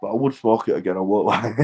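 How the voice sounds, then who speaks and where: A man's voice: mid-range voice, warm tone, low-quality recording. Rambling stoned man, swearing. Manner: rambling, heavy swearing, laughs often. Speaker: vlogger. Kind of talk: casual rambling monologue.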